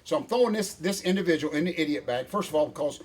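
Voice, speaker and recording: An older man, ranting in a folksy, animated way as co-host of a casual chat. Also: a little high, fast, breathy edge. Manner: folksy, animated rant with Southern phrasing.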